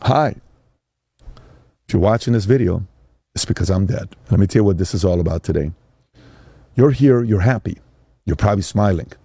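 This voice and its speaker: A man's voice: fairly low pitch, moderate pace, pauses often, dark tone, husky, no echo. A man voicing a stern wealthy father speaking to his heirs by video, firm and lecturing.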